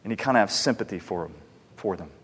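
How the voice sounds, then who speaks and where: A man preaching a sermon as pastor, conversational and animated, asking rhetorical questions of the congregation. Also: lowish voice, quick pace, breathy edge, big-room sound.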